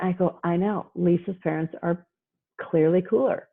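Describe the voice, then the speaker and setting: A woman presenting on parenting in a casual talk over a video call, chatty and acting out parents and kids in quick asides. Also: fairly low pitch, steady tone, creaky. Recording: tinny phone-like line.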